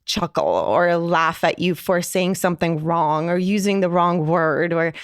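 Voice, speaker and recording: Guest, woman from Iran: candid, reflective storyteller, slightly low voice, dry recording. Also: measured pace, clean tone, no echo. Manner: reflective, frequent "like" fillers. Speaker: podcast guest.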